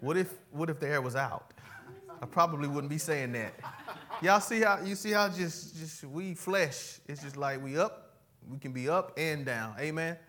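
Man, pastor, church sermon, high voice, fiery then casual, talks right to the pews. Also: normal speed. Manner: fiery preaching that swings between loud cries and quiet, casual asides; folksy, talks straight to the congregation.

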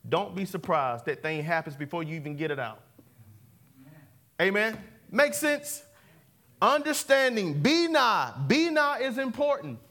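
A pastor with a high-pitched, slightly bright voice delivers a sermon in a church sanctuary. He repeats key words and calls out for responses from the congregation.

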